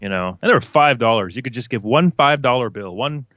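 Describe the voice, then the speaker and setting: A man's voice: medium pitch, animated, brisk, a bit bright. Playful Canadian man, dull dry audio. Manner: playful, laughs at himself. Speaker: podcast co-host. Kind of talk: casual chat.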